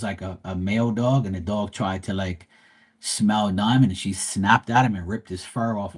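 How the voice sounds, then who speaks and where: A man's voice: lowish voice, slightly rough. A man from Bermuda, retelling a neighbor quarrel in a profane, heated way on a casual livestream. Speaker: live tarot reader.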